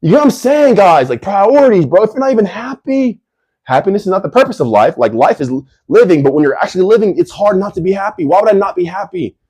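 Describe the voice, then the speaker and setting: A brash man hosts a casual livestream Q&A in a husky, fairly high voice. His pitch leaps all over the place as he hypes himself up, tossing in "bro" and breaking into shouts. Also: very animated, quick pace. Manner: brash, hyped, slangy with "bro"; bursts into shouting. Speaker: livestream host.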